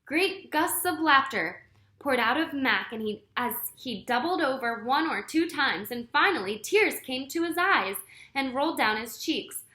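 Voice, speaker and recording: A woman reading a children's chapter book aloud, unhurried, fixing her own slips as she goes. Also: high-pitched, expressive, pushed and bright, roomy sound. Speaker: story reader.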